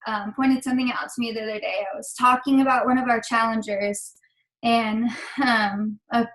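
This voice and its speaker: This low-quality clip captures a young woman whose voice sits on the high side, steady and a bit bright, at normal speed. Leading her team's call, she offers an emotional, almost tearful pep talk, wandering with many fillers as she encourages everyone.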